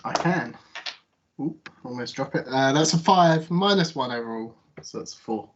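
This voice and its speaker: A man's voice: medium pitch, expressive, normal speed, a little hiss or hum. A man playing a tabletop game, hesitantly describing what his character does. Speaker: player. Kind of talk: casual tabletop play. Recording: dull lo-fi audio.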